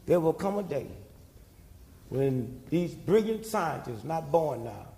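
An older man speaks slowly in a warm, slightly high voice with big pitch swings, giving a preaching-style talk at a community event. He fills it with rhetorical questions and call-and-response, and the hall lends a long reverb.

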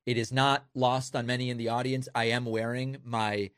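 A man's voice: medium pitch, little pitch movement, moderate pace, fairly bright tone, clean tone, no room sound, studio quality. A man hosting a political commentary show, mocking the news clips he plays. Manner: sarcastic, mocking.

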